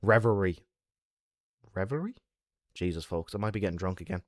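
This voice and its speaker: A man's voice: low voice, fairly even intonation, fast talker, no echo, clean studio sound. An Irish man chatting casually with his stream viewers, talkative and rambling. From Ireland.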